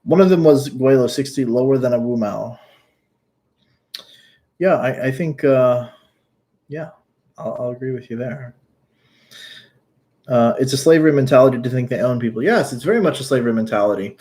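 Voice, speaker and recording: A man's voice: mid-range voice, normal speed, long pauses, dark tone. Casual guy, blunt and outspoken, mid-range voice, livestream chat host. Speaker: YouTuber answering live chat.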